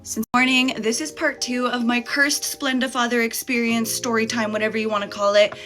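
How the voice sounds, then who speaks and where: Bright-voiced woman telling a chatty story. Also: a little high, little pitch movement, brisk. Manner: candid, chatty, swears freely. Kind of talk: casual storytime vlog. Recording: faint music behind.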